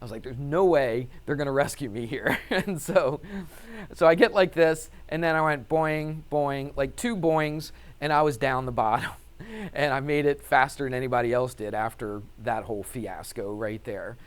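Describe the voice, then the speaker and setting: A man's voice: mid-range voice, normal speed, clean tone. A man teaching a math class, telling a story with lots of laughter and acting it out, then teasing his students. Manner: animated, laughs often, acts out story.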